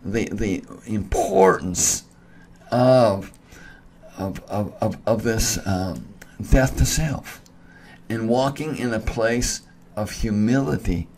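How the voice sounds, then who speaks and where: A man's voice: fairly low pitch, takes it slowly, a little mellow, slight background noise. A man preaching a recorded sermon, earnest and emphatic, who often restarts words and asks his listeners "amen?".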